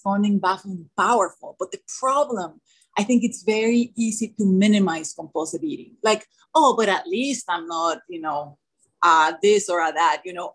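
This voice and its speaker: A woman's voice: mid-range voice, slightly rough, poor audio. A woman with a non-native English accent sharing her own story at a twelve-step meeting, earnest and full of "you know" and "like". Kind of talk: personal sharing at a recovery meeting.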